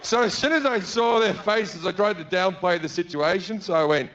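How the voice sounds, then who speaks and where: A man in his thirties from Australia with an Australian accent, telling a long comic story on stage and acting out the people in it with sudden shouts and low mutters. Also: highs cut off, slight background noise. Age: 30s. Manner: acts out characters in quick bursts, shouts and mutters. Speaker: stand-up comedian. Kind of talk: stand-up storytelling. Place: theater stage before an audience.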